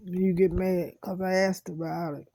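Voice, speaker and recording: A woman in a personal vlog monologue, talking slowly with heavy pauses and repeating her hurt, aggrieved lines over and over. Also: fairly low pitch, level tone, warm tone. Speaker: vlogger.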